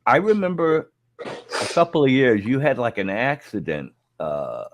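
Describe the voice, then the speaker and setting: A man hosting a podcast who asks halting questions and keeps up short agreeing interjections. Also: mid-range voice, huge pitch swings. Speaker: podcast host. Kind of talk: casual interview.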